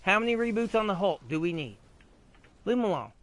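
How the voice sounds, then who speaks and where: A man hosting a gaming video, ranting in a rambling, profane, excitable way with frequent restarts while he plays. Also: high-pitched, brisk. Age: adult, old enough to remember 80s cartoons. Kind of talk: casual rant while playing a game.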